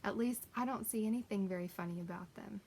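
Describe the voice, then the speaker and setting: A woman's voice: mid-range voice, fast, creaky, darkish tone, slight background noise, lightly acted, rough recording. A woman doing a dry, unimpressed panther. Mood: dismissive.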